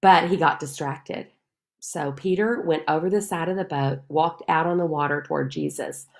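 A woman's voice: low voice, normal speed, creaky. A woman leading a Bible study, reading scripture aloud and speaking to listeners in an earnest, heartfelt way. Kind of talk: devotional Bible teaching.

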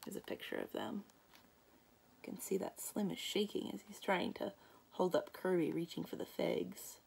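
Creaky-voiced librarian reading aloud. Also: female voice, on the low side, normal speed, a little hiss or hum. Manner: calm, inviting storyteller. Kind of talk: reading a children's book aloud.

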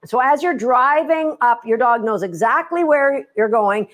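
High-voiced animated woman dog trainer. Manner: animated, playful storyteller. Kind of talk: instructional talk to camera.

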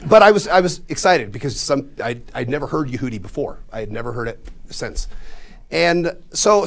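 Man, 40s, from Colorado: comic stage storyteller, mid-pitched, animated and self-mocking, loud-to-quiet swings. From Colorado, USA. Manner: animated, self-deprecating, with sudden swings in loudness. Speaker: storyteller and magician. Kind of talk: comedic storytelling performance. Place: studio before a live audience.

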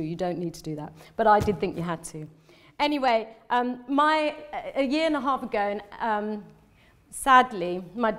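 Presenting slides in a live lecture, a woman from London talks at medium pitch in a rambling, chatty way. She keeps cutting herself off to start over, laughs a lot, and wears her feelings openly.

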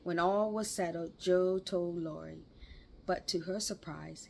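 Woman reading a novel aloud, slow and lowish, chatty asides. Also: fairly even intonation, vocal fry, a little mellow, a little hiss or hum. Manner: unhurried, chatty asides, exclaiming. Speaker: book reader.

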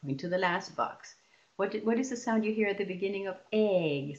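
A woman leading a lesson for teachers, explaining patiently and stretching example words out slowly. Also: medium pitch, lo-fi sound. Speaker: teacher trainer.

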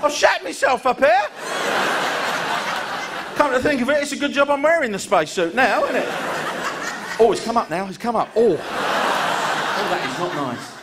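A comedian playing a panicking, swearing British astronaut captain who screams in a high voice. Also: male voice, expressive, moderate pace, pauses often. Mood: panicked shouting. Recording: live show with loud background noise.

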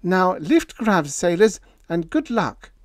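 A man voicing a brisk, imperious young wife in a high, raised voice with a bossy, clipped manner. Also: big pitch swings, no echo, clean studio sound, heavily acted.

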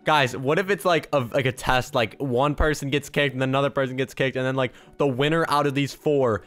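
A young man giving excited, chatty gameplay commentary, talking straight to his viewers. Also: mid-range voice, brisk. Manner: excitable, chatty, addresses viewers as guys and bro. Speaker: gaming YouTuber.

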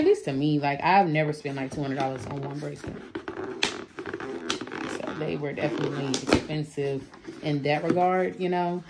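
A woman's voice: deep voice, background noise. A woman, chatting casually to her viewers in a home vlog, full of fillers and asides. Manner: chatty, addresses viewers as y'all, lots of fillers. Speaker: vlogger. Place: home office.

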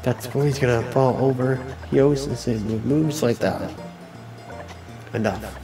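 A man reads on-screen game dialogue aloud at a slow, unhurried pace. His delivery is halting, with repeated words and restarts as he works through each line. His pitch sits in an ordinary middle range. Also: music in the background, poor audio. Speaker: let's player.

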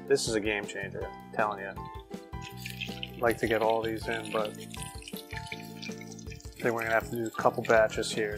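A man's voice: on the low side, creaky. An enthusiastic man hosting a casual barbecue cooking vlog, exclaiming and talking to his viewers. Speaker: BBQ cooking show host.

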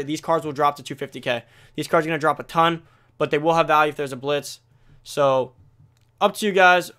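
Rapid-talking teenage gamer guy. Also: fairly high pitch, a bit bright. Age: teens. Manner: rapid, self-correcting, talks straight to viewers. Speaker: gaming video creator. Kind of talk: fast casual game commentary.

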